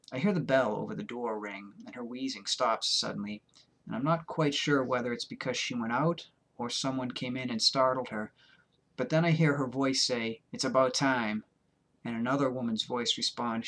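Man, author reading fiction, deadpan, rambling, mid-pitched voice. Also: a little hiss or hum. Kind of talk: first-person literary reading.

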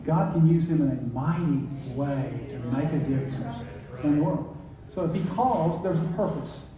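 A man's voice: on the high side, moderate pace, crowd noise. A man with a Southern accent, a pastor speaking plainly and encouragingly to his church. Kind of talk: sermon and church announcements. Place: church sanctuary. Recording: echoey church, distant mic.

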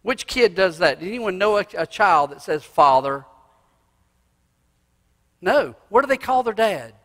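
A male pastor preaching a sermon in a church, swinging from loud cries to hushed asides. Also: sits high, animated, normal speed. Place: church sanctuary. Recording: long reverb of a church hall.

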